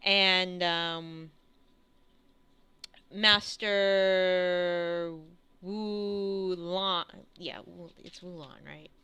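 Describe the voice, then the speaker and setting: A woman's voice: on the low side, steady tone, very slow, pauses often, bright, forceful tone, clean tone, dull audio. A young adult woman narrating a tabletop game as game master, hesitant and full of fillers. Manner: hesitant, many fillers and restarts.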